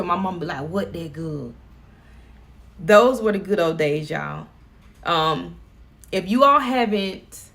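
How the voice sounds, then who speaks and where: A woman's voice: fairly low pitch, gravelly, fairly bright tone. A middle-aged woman vlogging from home, chatting casually and laughing as she talks to her viewers.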